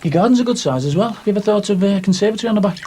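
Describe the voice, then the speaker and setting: A man's voice: high-pitched, animated, very fast, darkish tone, slight background noise. A middle-aged man, playing a chatty, dry-humoured handyman in a 1990s TV soap.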